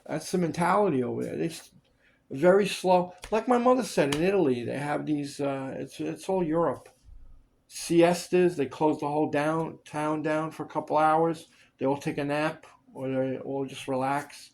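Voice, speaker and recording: Animated man telling stories, swearing. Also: a little high, normal speed, gravelly. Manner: animated, acts out quoted people, swears freely. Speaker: storyteller recalling film work. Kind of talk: casual chat.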